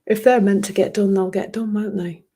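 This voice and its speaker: A woman hosting a reflective solo podcast in a soft, emotional way, often laughing and dropping into whispers. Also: mid-range voice, steady tone, normal speed, husky. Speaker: podcast host.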